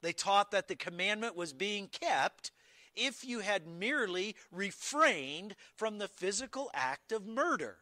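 A man preaching a sermon, explaining scripture in an emphatic, deliberate way with occasional restarts. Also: high-pitched, sing-song, bright, forceful tone, no room sound. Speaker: pastor.

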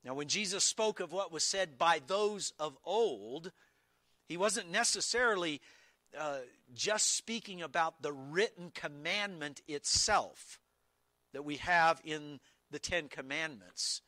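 A man preaching a sermon, explaining scripture in an emphatic, deliberate way with occasional restarts. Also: on the high side, bright, forceful tone, dry recording. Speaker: pastor.

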